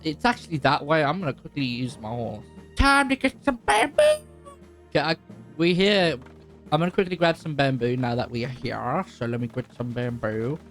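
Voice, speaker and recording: Young man, gameplay commentary, chatty, excitable, soft music behind. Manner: chatty, excitable, pitch leaps high when excited. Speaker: gaming YouTuber. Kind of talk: casual Minecraft commentary. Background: faint background music.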